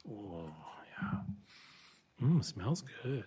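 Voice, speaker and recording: A man co-hosting a casual beer-tasting podcast, talking in a relaxed, rambling way with fillers and restarts. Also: lowish voice, very slow, heavy background noise. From Minnesota. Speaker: podcast co-host. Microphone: podcast microphone.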